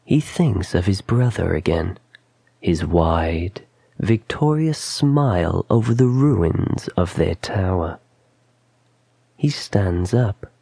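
A man reading a short story aloud as narrator, measured and hushed in its quiet moments. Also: low-pitched, expressive, creaky, slightly rough, no echo. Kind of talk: scripted narration.

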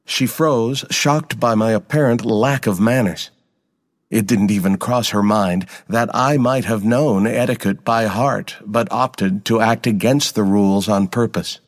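Low-voiced man narrating a story. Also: in a large hall. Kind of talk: scripted narration.

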